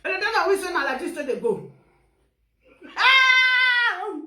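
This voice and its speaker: A Nigerian woman with an Edo accent ranting loudly in a casual vlog, laughing often and mixing Pidgin with a local language. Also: high voice, very animated, racing, echoey room. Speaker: social media vlogger. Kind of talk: animated casual rant.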